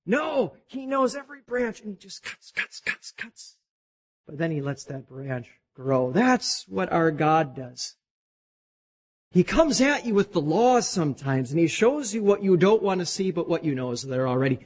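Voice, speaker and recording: A man preaching a sermon as a pastor, animated, his voice climbing high as he voices God speaking to the congregation. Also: normal speed, husky.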